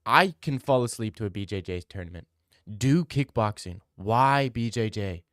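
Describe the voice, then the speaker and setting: A man's voice: fairly low pitch, animated, normal speed, no room sound, studio quality. A young man streaming, chatting casually as he reads his live chat, rambling and opinionated, repeating himself.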